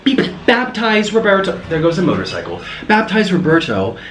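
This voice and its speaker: A young man rambling through a casual eating-show chat, his voice sitting a little high and swinging up and down a lot. He talks between bites in a room that gives back a noticeable echo. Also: huge pitch swings, normal speed, fairly bright tone. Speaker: mukbang host. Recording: roomy echo.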